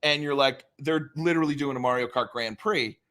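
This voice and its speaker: A man co-hosting a casual chat, ranting excitedly and swearing in mock fury. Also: mid-range voice, brisk. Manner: animated, ranting, profane, mock-furious. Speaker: podcast co-host.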